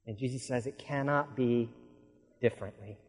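A man preaching a sermon, asking the congregation rhetorical questions and swinging from hushed lines to loud, urgent ones. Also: medium pitch, moderate pace. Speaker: pastor. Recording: long hall reverb.

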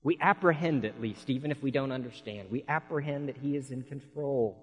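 A man's voice: medium pitch, a little fast, husky, in a large hall, poor audio. A man preaching a sermon, telling folksy stories in an earnest way.

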